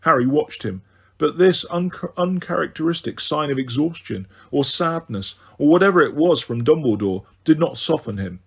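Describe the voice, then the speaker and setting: A man narrates a fantasy novel for an audiobook in a steady, even way. His voice is husky and pitched somewhat high for a man. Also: moderate pace. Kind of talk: scripted narration.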